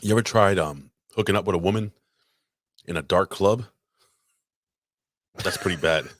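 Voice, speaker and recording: A man's voice: low-pitched, dry recording, studio quality. A man co-hosting a podcast in casual, crude banter, teasing and swearing freely. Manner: profane, teasing, questions rapidly. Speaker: podcast co-host. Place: podcast studio.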